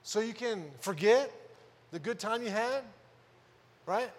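High-voiced man preaching in a reverberant hall. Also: slow. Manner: conversational preaching, rhetorical questions, rises to loud emphasis. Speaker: pastor. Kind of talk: sermon.

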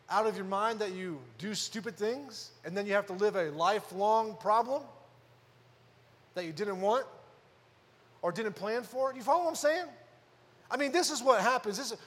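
Male pastor, high pitch, chatty sermon delivery with loud emphatic peaks, hall reverb. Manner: conversational preaching, rhetorical questions, rises to loud emphasis.

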